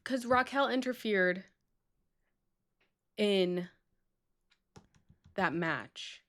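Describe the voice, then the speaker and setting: A woman's voice: mid-range voice, expressive, very slow, fairly bright tone. A woman co-hosting a live stream in casual chat, talkative, laughing often and mock-stern with her co-host.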